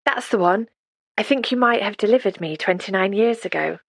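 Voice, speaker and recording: A woman's voice: medium pitch, a little fast, gravelly, no room sound. A woman voicing a polite, earnest young woman in her late twenties in an audiobook reading.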